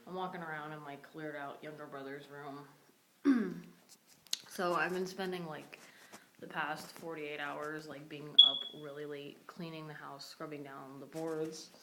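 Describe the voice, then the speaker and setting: A woman's voice: sits low, steady tone, a little slow, heavy background noise. A young woman vlogging in an empty room of a house, talking loosely with many fillers and sounding short on sleep. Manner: rambling, many fillers like "like" and "you know". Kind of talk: casual vlog rant.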